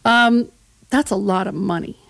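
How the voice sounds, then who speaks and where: A woman's voice: mid-range voice, a little slow, gravelly, fairly bright tone, no echo. A woman with a mid-range voice talks as a guest on a radio show. She tells history like a chatty story and acts out little voices as she goes, and the studio sound is close and dry. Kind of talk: casual radio chat.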